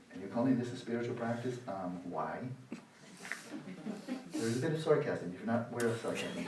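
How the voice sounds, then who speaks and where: A man in his sixties giving a dharma talk at a meditation retreat, sarcastic and animated, acting out the inner voices of his students. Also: mid-range voice, background noise. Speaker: meditation teacher. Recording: roomy hall, voice from the mic's distance.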